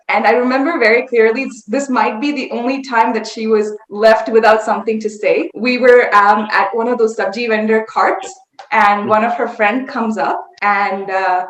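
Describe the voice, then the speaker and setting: A woman telling a family story in a casual group chat, animated and laughing as she talks. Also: medium pitch. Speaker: niece sharing a memory. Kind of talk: casual storytelling on a video call. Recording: echoey room with faint noise.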